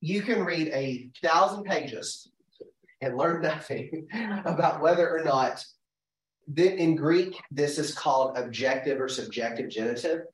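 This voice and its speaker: A man leading a group Bible study, animated and thinking aloud with restarts and rhetorical questions, heard from far off in an echoey room. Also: mid-range voice.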